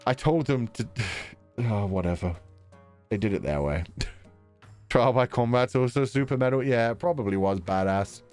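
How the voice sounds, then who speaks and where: A man's voice: medium pitch, lively intonation, measured pace, darkish tone, clear, resonant tone, soft background music. A male streamer giving casual, joking game commentary, swearing freely and laughing often. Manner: joking, profane, laughs a lot.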